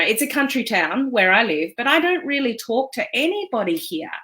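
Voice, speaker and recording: A woman's voice: medium pitch, fairly bright tone. Woman, business coach, earnest, emphatic, fillers and restarts. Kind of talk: motivational teaching talk.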